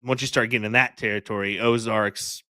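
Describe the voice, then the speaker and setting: Male darts co-commentator, bright tone, dry close sound, relaxed delivery. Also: lowish voice, fairly quick, no echo. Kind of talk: live sports commentary.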